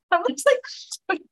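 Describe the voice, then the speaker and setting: A young woman, a wellness coach, hosts a live online masterclass in a casual live-stream chat. She's bubbly and scattered, laughing often and swearing casually.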